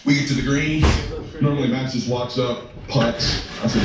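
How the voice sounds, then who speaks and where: A man telling a personal story as a father, emotional and breathless, swearing and breaking into shouts. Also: medium pitch, fairly even intonation, normal speed, noisy background. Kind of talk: animated storytelling to an audience. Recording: echoey room from far off with music.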